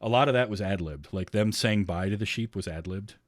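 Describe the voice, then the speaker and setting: A man's voice: fairly low pitch, a little fast, no room sound, studio quality. A man hosting a podcast, chatting casually about a film with friends, laughing often and tossing in sarcastic asides. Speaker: podcast host. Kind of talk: casual chat.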